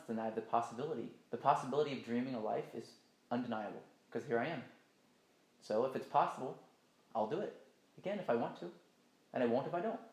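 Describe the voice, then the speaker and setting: A man's voice: medium pitch, darkish tone, echoey room. A man telling a personal story in a casual, rambling and emphatic way, swearing often.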